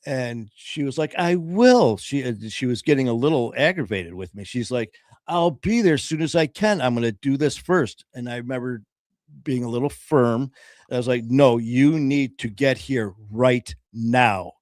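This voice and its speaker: A man's voice: mid-range voice, expressive, darkish tone, no room sound. Earnest man telling his story, dry sound. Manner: earnest, halting, often pausing with "um"; quotes others in his own voice. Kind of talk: casual conversational storytelling.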